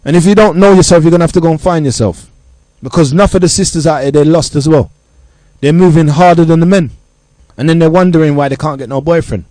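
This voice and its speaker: A man's voice: a little high, fast, dark tone, no echo. Man middle-aged host, preachy and blunt, raised voice, dry close sound. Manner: preachy, blunt, lecturing in street slang. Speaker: show host addressing youth. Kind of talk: impassioned monologue.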